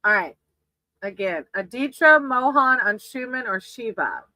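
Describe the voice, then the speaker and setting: Bright-voiced woman reading tarot live. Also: on the high side, animated, a little slow, no echo, low-quality recording. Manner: affectionate, calls viewers sweetie, laughs often. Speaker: tarot reader on a livestream.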